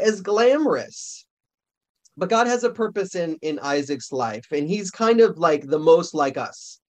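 Male pastor, relaxed conversational sermon delivery, stops to fix his own slips, voice sits a bit high. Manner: conversational, restarts and self-corrections. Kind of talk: sermon with scripture reading.

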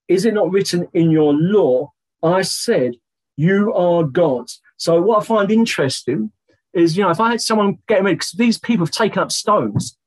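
Male Bible teacher, husky and fairly high, chatty with fillers, slows down to read verses aloud. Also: low-quality recording. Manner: conversational, many "you know" fillers, slows down to read scripture aloud.

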